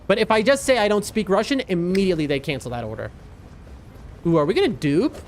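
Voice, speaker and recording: A man's voice: high-pitched, very animated, fast talker, a little hiss or hum. A man chatting casually as a game streamer, telling a rambling story and reacting to his gameplay with frequent laughs and restarts.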